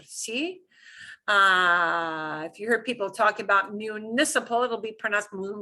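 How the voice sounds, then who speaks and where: Slow, bright-voiced language teacher woman. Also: medium pitch, animated. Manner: patient, drills words slowly and has students repeat. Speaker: Spanish teacher. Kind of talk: online class lesson.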